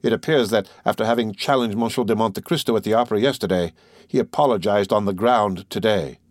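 A man's voice: fairly low pitch, brisk, no echo, studio quality, lightly acted. A man voicing a bold, candid young woman who speaks firmly and forthrightly in an audiobook reading. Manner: firm and forthright.

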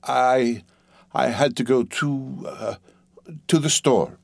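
A man voicing a frightened young wife in an audiobook, halting and breathless. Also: medium pitch, no room sound, clean studio sound, natural voice.

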